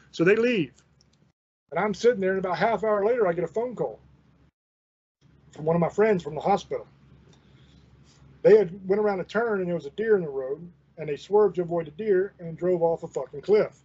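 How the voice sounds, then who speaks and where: A man's voice: high voice, brisk, a little mellow, breathy edge. A man in his forties hosting a show, telling a rambling, profane story in a folksy, casual way. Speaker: host. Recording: dull lo-fi recording.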